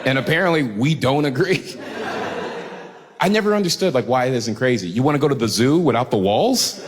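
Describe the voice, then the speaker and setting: Man, stand-up comic, animated and crowd-baiting, long hall reverb, clear background noise. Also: mid-range voice, brisk. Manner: animated, crowd-baiting, swears freely, acts out other people. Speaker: stand-up comedian. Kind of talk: stand-up routine.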